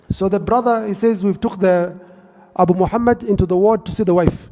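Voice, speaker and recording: A man's voice: high-pitched, steady tone, moderate pace, dark tone, long reverb tail, a little hiss or hum. A man preaching a sermon, telling stories earnestly and mixing in Arabic phrases. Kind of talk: sermon storytelling.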